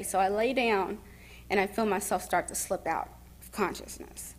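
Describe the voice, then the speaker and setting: A young woman sharing her story at a summit. She speaks softly and with emotion, pausing and starting over as she goes. Her voice sits at an ordinary pitch for a woman. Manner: soft-spoken and emotional, pausing and restarting. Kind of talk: personal testimony speech. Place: summit event.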